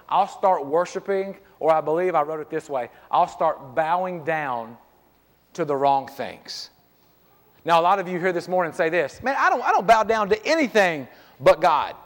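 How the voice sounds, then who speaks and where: A middle-aged male pastor preaching a casual, joking sermon, often dropping "man" as he talks, in a church. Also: fairly high pitch. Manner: lively, conversational, joking, peppered with "man". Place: church sanctuary. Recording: long reverb of a church hall.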